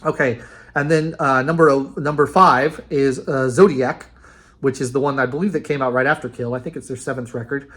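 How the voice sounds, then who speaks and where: A man's voice: mid-range voice, steady tone, moderate pace, fairly bright tone. A man casually ranking a band's albums in a rambling, enthusiastic monologue, with many fillers and restarts. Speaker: music reviewer.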